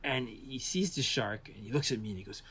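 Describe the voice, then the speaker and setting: This French visual effects artist speaks briskly in a slightly rough, mid-range voice. Telling stories in a casual interview, he acts out quoted voices with animation and restarts many times.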